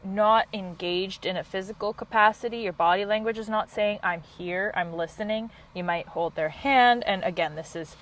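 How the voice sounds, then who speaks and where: A woman coach hosting a solo podcast, talking in a passionate, quick and high-energy way. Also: a bit bright, low-quality recording. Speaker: podcast host and couples coach.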